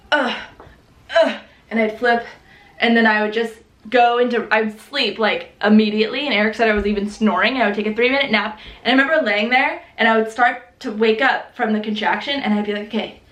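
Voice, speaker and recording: A young woman with a fairly high voice tells a personal story to her camera in a relaxed, chatty way. She is animated and laughs often, jumping into high-pitched voices whenever she quotes someone. The room around her sounds echoey. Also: fast talker. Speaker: vlogger. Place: home room.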